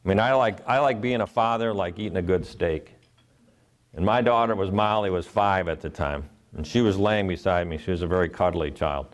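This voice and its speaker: A deep-voiced, fairly quick-talking middle-aged motivational speaker from Ohio delivers a live keynote, sharing earnest personal stories and acting out the voices of the people in them.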